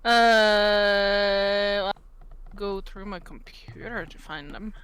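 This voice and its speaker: A woman from Norway, a guest artist answering interview questions in a modest, unhurried way, thinking aloud as she goes. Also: medium pitch, steady tone, a bit bright, clear, resonant tone.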